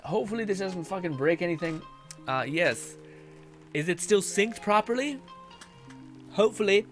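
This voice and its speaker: A man's voice: high-pitched, animated, normal speed, long pauses, faint music behind. A male streamer chatting casually and reading viewer messages aloud, tired and mentally drained, laughing often and swearing.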